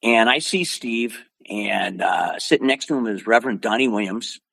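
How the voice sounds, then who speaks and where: An older man from Oregon, a martial arts instructor telling stories as an interview guest, lively and acting out quotes. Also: fairly low pitch, moderate pace, gravelly. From Oregon, USA. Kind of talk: animated storytelling.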